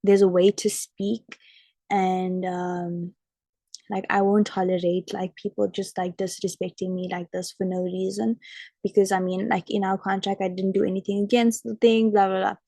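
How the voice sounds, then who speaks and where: Chatty young woman with vocal fry. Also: medium pitch, little pitch movement, moderate pace, mellow, no room sound. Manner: chatty, frequent "like" fillers. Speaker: vlogger and model. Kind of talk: casual storytelling chat.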